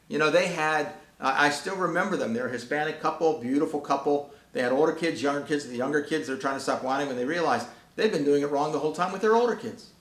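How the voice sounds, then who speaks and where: A man's voice: on the high side, fast, hardly any pauses, a bit bright, roomy sound. A man giving a Christian parenting talk to parents, earnest and folksy, telling stories the way a preacher does.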